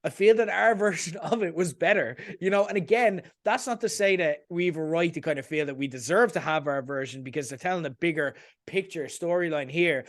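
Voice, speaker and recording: A man co-hosting a casual podcast, giving measured, reflective opinions and hedging them. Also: on the high side. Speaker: podcast co-host. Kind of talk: casual chat.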